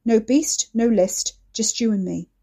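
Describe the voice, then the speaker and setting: A woman's voice: fairly high pitch, measured pace. A woman voicing a swaggering, volatile male brute. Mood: furious, goading. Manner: loud, goading, coarse swearing.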